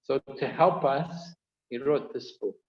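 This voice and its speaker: A man's voice: medium pitch, unhurried. A man teaching an online course, explaining points earnestly and repeating key phrases. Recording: echoey, dull-toned video call audio.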